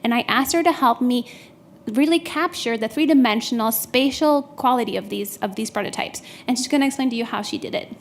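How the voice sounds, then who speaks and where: A woman's voice: fairly high pitch, a little fast. Woman researcher thanking her team. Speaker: researcher presenting. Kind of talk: talk at an exhibit opening. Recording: faint background noise of a room.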